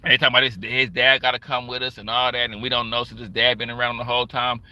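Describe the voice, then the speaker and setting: Man, livestream rant, cutting sharp voice, dry close sound, profane and emphatic. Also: medium pitch, little pitch movement, quick pace, no echo. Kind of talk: casual ranting commentary.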